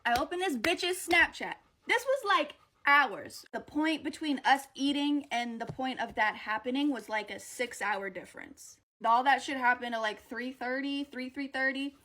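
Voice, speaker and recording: A woman's voice: high voice, expressive, moderate pace, hardly any pauses, bright, forceful tone. A woman telling a personal story in a casual, profane and blunt way. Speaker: vlogger.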